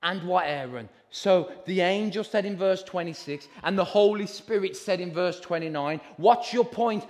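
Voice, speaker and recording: Passionate high-voiced preacher, echoing hall. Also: male voice, normal speed, hardly any pauses. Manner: passionate, rising to shouts. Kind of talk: sermon. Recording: hall reverb.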